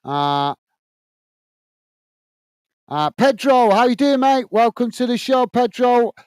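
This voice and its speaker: A man's voice: extremely high pitch, very animated, takes it slowly, a little mellow, smooth, no room sound. A man hosting a casual live stream, reading viewer comments aloud and chatting with many uhs. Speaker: host reading live chat.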